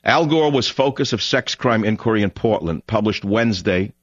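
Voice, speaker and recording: A man with a lowish voice and lively intonation hosts a call-in talk radio show, ranting angrily at a moderate pace with plenty of rhetorical questions and a strained voice. The broadcast audio is dull and dry, with no room sound.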